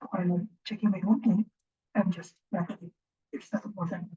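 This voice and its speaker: A woman giving an informal recorded lecture as instructor, speaking haltingly and thinking aloud, often checking in with a questioning "right?". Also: on the low side, steady tone, husky. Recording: dull lo-fi recording.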